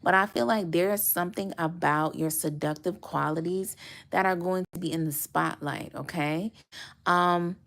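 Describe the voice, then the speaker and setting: Low gravelly-voiced woman reading tarot. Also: fairly even intonation, normal speed, a bit bright. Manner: chatty, lots of fillers and little laughs. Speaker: tarot reader. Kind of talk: casual tarot reading for viewers.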